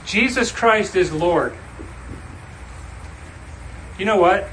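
A male pastor delivering a sermon, reading scripture and preaching with slow, emphatic, dramatic phrases. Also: high-pitched, lively intonation, pushed and bright, slight background noise, poor audio.

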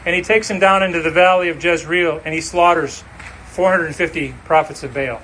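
A male pastor delivering a sermon, reading scripture and preaching with slow, emphatic, dramatic phrases. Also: a little high, steady tone, bright, forceful tone, a little hiss or hum, rough recording.

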